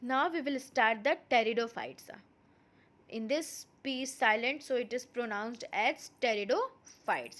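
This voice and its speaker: Quick, high-voiced Indian woman teaching biology. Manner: mixes Hindi and English, repeats key terms. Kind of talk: online lecture.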